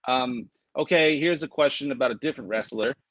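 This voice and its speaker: A man's voice: medium pitch, a little fast, a bit bright, no room sound, lo-fi sound. A man co-hosting a casual livestream chat, swearing freely and reading viewer comments aloud. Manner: profane, rambling, reads viewer comments aloud. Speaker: co-host.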